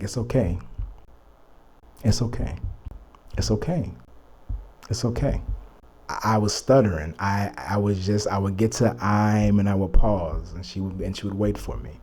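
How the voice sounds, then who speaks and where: A man's voice: lowish voice, steady tone, normal speed, hardly any pauses, a little mellow, slight background noise. A young man from Texas telling a personal story to camera, earnest and reflective, full of "you know" and "like". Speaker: vlogger.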